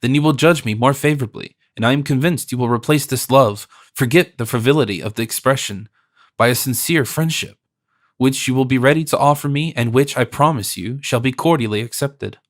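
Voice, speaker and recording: A man reading an audiobook, voicing a composed, gentle noble princess in a measured, lightly raised voice. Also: mid-range voice, lightly acted. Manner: gentle, measured, softly teasing.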